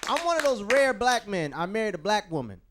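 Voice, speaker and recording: A male stand-up comedian with a high, lively voice that swings widely in pitch. He tells stories on a small studio stage and acts out the other people in them. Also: brisk, over a noisy crowd, very noisy. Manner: animated storytelling with acted-out voices. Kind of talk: stand-up routine.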